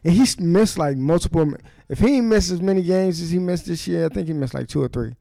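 A man's voice: a little high, animated, fast talker, creaky, mellow, dry recording. A man co-hosting a podcast, bantering casually about football with slangy, laid-back talk. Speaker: podcast co-host. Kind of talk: casual sports chat.

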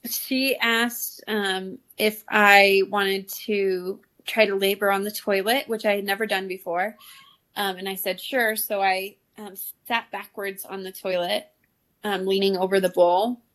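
A woman's voice: mid-range voice, fairly even intonation, measured pace, a bit bright. A woman in her thirties, a podcast guest telling a story in casual chat, laughing often and using many fillers.

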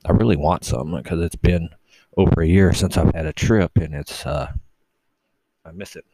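A man's voice: deep voice, normal speed, warm tone, no room sound, poor audio. A man hosting his own solo podcast, rambling casually and swearing, mocking himself as he goes. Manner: rambling, profane, self-mocking. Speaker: podcast host.

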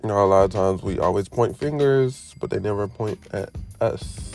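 A man hosting a casual podcast monologue, animated and preachy, firing off rhetorical questions in slangy talk and drifting into tangents. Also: lowish voice, a little fast, gravelly, soft background music. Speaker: podcast host.

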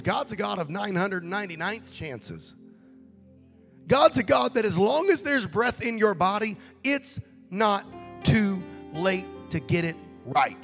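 A male pastor preaching a sermon, his gravelly, slightly high voice dropping low and then rising into shouts. He acts out the voices he quotes as he builds. The sound rings with a long church-hall reverb over faint music. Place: church sanctuary.

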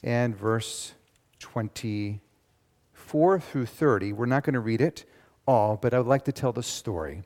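A male pastor preaching a sermon in a church, with animated, emphatic delivery. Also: mid-range voice, unhurried. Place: church sanctuary. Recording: long reverb of a church.

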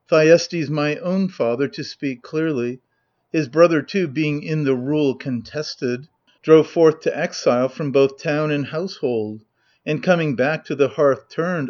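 A man reading the lines of a gloating usurper in a proud, measured declaiming manner. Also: fairly high pitch, a little mellow, dull audio, lightly acted. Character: gloating usurper, avenger of his father.

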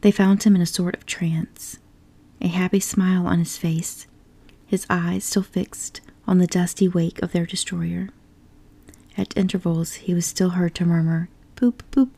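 A woman reads a storybook in a soft, unhurried whisper as a whispered role-play. Her voice is dark and mellow, with a husky, breathy texture. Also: fairly low pitch, flat delivery. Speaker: storybook reader.

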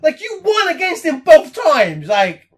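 Animated, high-voiced man chatting. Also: a little slow. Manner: animated, swearing, laughing, acting out quotes. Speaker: podcast co-host. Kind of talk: casual chat.

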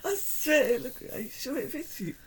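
A woman's voice: high voice, expressive, normal speed, a crowd in the background. A woman co-hosting a podcast in casual chat, teasing and swearing, laughing often. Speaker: podcast co-host.

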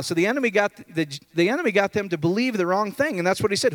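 A man delivering a casual, conversational sermon, often checking in with his listeners. His fairly high voice swings from loud, excited peaks to hushed low asides. The sound is dry and close, with no room echo. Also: quick pace, hardly any pauses. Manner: animated, jumps between loud high outbursts and low murmurs; conversational, asks the room questions. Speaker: preacher. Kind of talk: informal sermon to a group.

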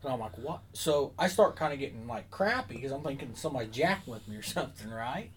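A man's voice: medium pitch, animated, quick pace, a little hiss or hum, rough recording. A man chatting casually on a podcast, telling a long story with lots of fillers and asides. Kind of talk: casual chat.

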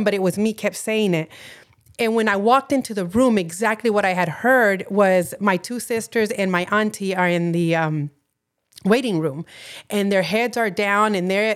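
A woman with a Californian accent, a podcast co-host telling a personal faith story in an earnest, storytelling way, acting out the dialogue. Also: mid-range voice. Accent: Californian English. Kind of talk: personal testimony in casual chat.

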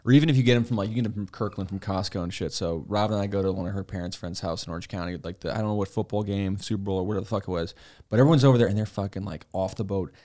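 A man's voice: on the low side, rapid-fire, dark tone. A man co-hosting a casual podcast chat, swearing freely and telling stories in a loose, rambling way. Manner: swears freely, tells stories with mimicked voices. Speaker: podcast co-host.

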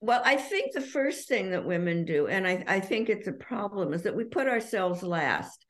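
A woman author talking candidly as a podcast guest, self-deprecating and quick to laugh. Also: medium pitch, lively intonation. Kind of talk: casual podcast interview.

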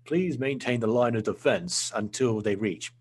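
A man voicing a male military headquarters operator on the radio, slow and formal. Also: medium pitch, animated, slightly rough.

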